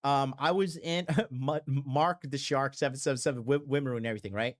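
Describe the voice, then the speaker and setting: A man's voice: medium pitch, a little fast. Blunt, profane male podcast host. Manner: lots of fillers and restarts. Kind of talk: casual monologue.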